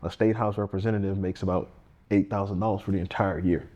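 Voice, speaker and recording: A man's voice: deep voice, fairly even intonation, fast talker, warm tone, lo-fi sound. A man, a candidate speaking earnestly and plainly in a casual interview, often restarting his sentences. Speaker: congressional candidate and firefighter.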